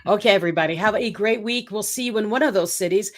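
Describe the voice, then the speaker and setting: A woman's voice: medium pitch, fast talker. A woman co-hosting a podcast in casual chat, upbeat and chatty as she promotes events and signs off. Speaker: podcast co-host.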